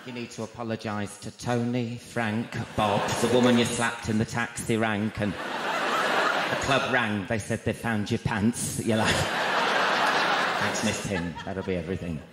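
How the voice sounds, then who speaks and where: A man doing a gossipy, camp stand-up routine, his voice jumping to high shrieks. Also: level tone, unhurried, heavy background noise. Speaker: stand-up comedian. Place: large arena before a live crowd. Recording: echoey arena, loud crowd laughter. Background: audience laughter.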